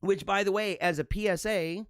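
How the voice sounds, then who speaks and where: Man, show host, sarcastic jokey talk, slightly high voice, dry close sound. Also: fairly even intonation, normal speed, dry recording. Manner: joking, sarcastic, laughs at own jokes. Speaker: podcast host. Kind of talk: casual commentary reading jokes.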